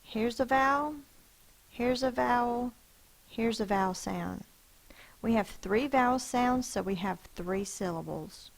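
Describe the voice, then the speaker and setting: A woman teacher giving a phonics lesson, sounding out words slowly and carefully. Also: a little high, creaky, low-quality recording.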